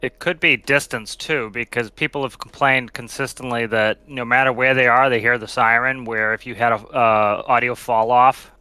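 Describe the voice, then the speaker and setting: A man on a casual podcast panel who talks with dry, deadpan humor. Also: medium pitch, normal speed, hardly any pauses, clean tone, dry recording. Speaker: podcast guest. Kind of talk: casual group chat.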